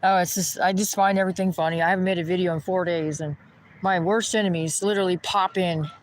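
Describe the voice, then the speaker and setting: A man's voice: high-pitched, steady tone, quick pace, rough recording. A man ranting in a rambling, indignant way while walking outdoors by a pond. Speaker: vlogger.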